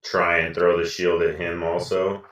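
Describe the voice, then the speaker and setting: A man's voice: sits low, little pitch movement, moderate pace, a bit bright. A man playing in a tabletop game, asking wry questions of the game master. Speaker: player. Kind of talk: casual tabletop play. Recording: roomy, distant mic.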